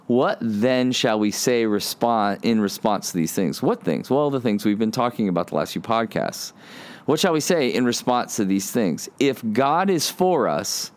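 A man in his forties giving an earnest podcast sermon, often restarting his sentences and building to animated emphasis. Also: fairly low pitch, clear, resonant tone. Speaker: podcast pastor.

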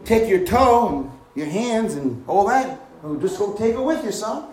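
Animated male preacher, high lively voice, echoey room, lots of exclamations and questions. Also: a little slow, slight background noise. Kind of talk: sermon.

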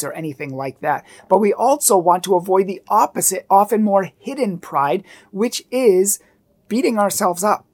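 A woman with a somewhat low voice gives a Catholic teaching talk. She speaks earnestly and with emphasis, and slips into brief acted voices to show the attitudes she warns against. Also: darkish tone.

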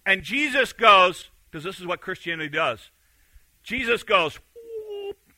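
Bright high-voiced man preaching. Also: normal speed, no room sound, rough recording. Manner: animated, acts out quotes, swings from loud to hushed. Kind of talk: sermon.

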